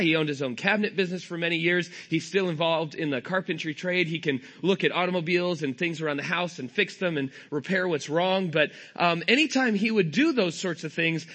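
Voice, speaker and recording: A pastor in his thirties from California delivers a sermon in a high, sharp-toned voice. He tells a funny, self-deprecating story about his family.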